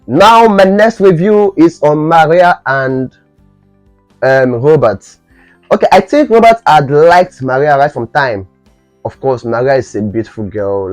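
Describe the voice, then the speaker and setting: A man's voice: a little high, unhurried, a little mellow, dry recording, faint music behind. A young man from Nigeria, casually reviewing a series episode and rambling with many fillers and restarts.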